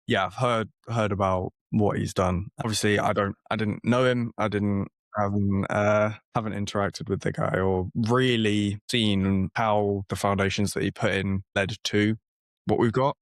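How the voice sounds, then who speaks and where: A man's voice: fairly low pitch, fairly even intonation, measured pace, dry recording, studio quality. A young man hosting a podcast interview, giving short replies hesitantly with many fillers. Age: young adult. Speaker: podcast host. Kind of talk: casual interview.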